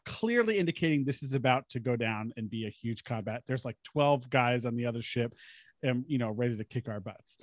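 A man hosting a casual podcast, telling a story from his tabletop game. His pitch moves around a lot as he tells it. The recording is dry and close. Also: no room sound. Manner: animated, chatty storyteller. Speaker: podcast host.

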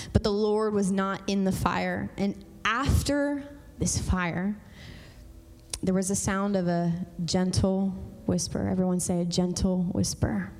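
Female pastor, mid-pitched, emphatic church sermon with long hall reverb. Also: darkish tone. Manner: conversational, emphatic, swings between fast and slow. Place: church sanctuary.

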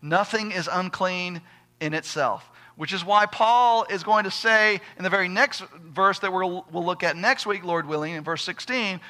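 A man's voice: high voice, normal speed, sharp tone. A male pastor preaching a sermon, emphatic, putting rhetorical questions to his congregation.

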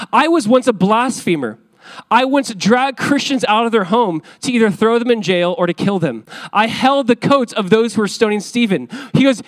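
Animated high-voiced young pastor preaching. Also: male voice. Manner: conversational, animated preaching with repeated phrases. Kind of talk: sermon.

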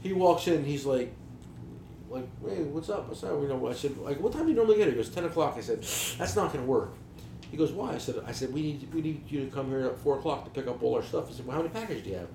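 A man's voice: fairly high pitch, lively intonation, quick pace, warm tone, reverberant, a little hiss or hum. A man, telling stories in casual chat with blunt, profane language. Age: 40s. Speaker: podcast co-host, business owner.

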